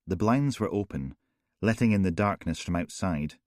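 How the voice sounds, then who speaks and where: A man narrating a crime thriller audiobook in a measured, grave way. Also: deep voice, lively intonation, no echo, studio quality.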